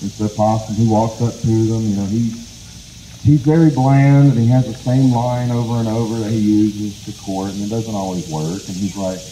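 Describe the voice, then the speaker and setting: A storyteller from the Cherokee Nation spins an old tale aloud in a relaxed, chatty way. His voice is very dark and mellow. The sound is echoey, with faint noise behind. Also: fairly low pitch, normal speed. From United States, Cherokee Nation. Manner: casual, conversational, lots of "and so". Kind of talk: live oral storytelling. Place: outdoor heritage festival.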